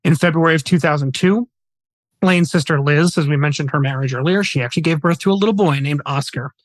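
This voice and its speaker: A man's voice: fairly high pitch, fast talker, dry recording. A male podcast host earnestly retelling a somber true story, voicing quoted dialogue as he goes.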